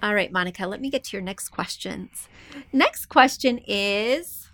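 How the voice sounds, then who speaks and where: A woman's voice: medium pitch, measured pace, bright, forceful tone, no room sound. Chatty woman podcast host, dry close sound. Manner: chatty, self-deprecating asides. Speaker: podcast host, interior designer. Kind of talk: casual podcast advice, reading listener emails.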